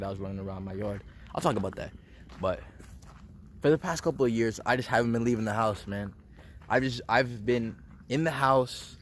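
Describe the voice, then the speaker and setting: Young male vlogger, rambling slangy delivery, mid-pitch, faint background noise. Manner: slangy, rambling, says bro and dude a lot. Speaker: self-improvement vlogger. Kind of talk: casual personal monologue.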